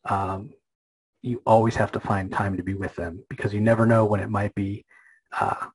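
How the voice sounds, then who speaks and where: Male podcast host, low husky voice, loose rambling recap delivery. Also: level tone, normal speed, poor audio. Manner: rambling retelling with many fillers and restarts. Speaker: comic book podcast host. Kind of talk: casual story recap.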